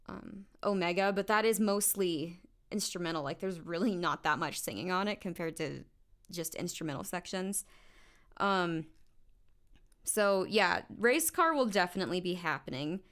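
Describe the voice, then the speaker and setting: A woman's voice: fairly low pitch, normal speed, a bit bright. A woman singer talking casually between vocal takes in her home studio, thinking aloud on a studio condenser mic with a phlegmy morning voice. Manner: chatty, thinks aloud, filler-heavy.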